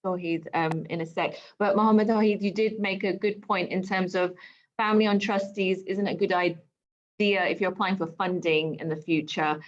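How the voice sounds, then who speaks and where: A woman's voice: fairly low pitch, fairly even intonation, normal speed, highs cut off. A woman hosting a webinar video call, moderating casually with many fillers.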